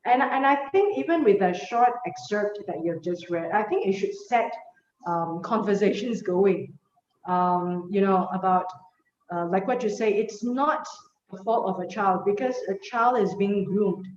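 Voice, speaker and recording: A woman's voice: mid-range voice, unhurried, darkish tone. A woman hosting an interview over a video call, speaking hesitantly with many fillers. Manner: hesitant, many ums and uhs. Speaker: talk show host. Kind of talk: hosted interview. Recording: dull roomy sound, faint noise.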